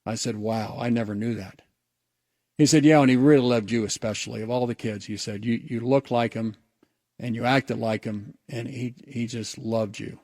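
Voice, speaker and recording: A man hosts a radio show and tells a personal story in an earnest, reflective manner, stumbling and restarting as he goes. His voice sits at an ordinary middle pitch. The studio sound is dry and close. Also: steady tone, normal speed, darkish tone, dry recording. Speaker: radio host.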